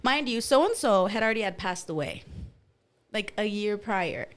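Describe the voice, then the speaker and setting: A woman co-hosting a podcast tells a story in casual conversation, vividly acting out the people she quotes. Her voice is mid-range and her pace moderate.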